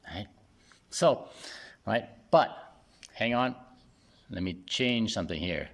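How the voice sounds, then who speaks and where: A man giving a casual singing lesson, explaining step by step and often checking in with "right?" while playing a bass guitar. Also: expressive, slow, pauses often. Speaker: singing teacher.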